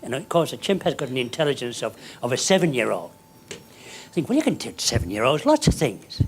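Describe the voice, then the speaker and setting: An older man, telling a story to an audience in an animated, hammy way that climbs up to shouting. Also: mid-range voice, a little fast, a little hiss or hum.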